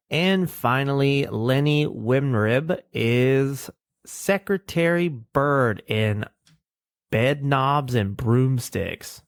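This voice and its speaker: On a podcast, a co-host with a mid-range voice chats loosely and playfully while reviewing an old cartoon, riffing and breaking into goofy voices. The studio sound is clean, with no room echo.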